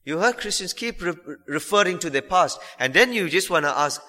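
A man preaching with a bright, forceful voice, earnest and emphatic, pressing his listeners with rhetorical questions. His voice rings through a church hall with a long reverb tail. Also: sits high, expressive, fairly quick. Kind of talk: sermon.

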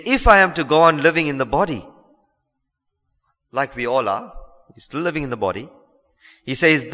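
A man preaching with a bright, forceful voice, earnest and emphatic, pressing his listeners with rhetorical questions. His voice rings through a church hall with a long reverb tail. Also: mid-range voice. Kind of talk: sermon.

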